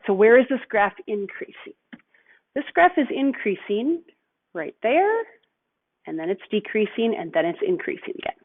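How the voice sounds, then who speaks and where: Woman math teacher, patient step-by-step explainer, thin phone-like sound quality. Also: fairly high pitch. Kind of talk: recorded lesson walkthrough. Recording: tinny phone-like audio.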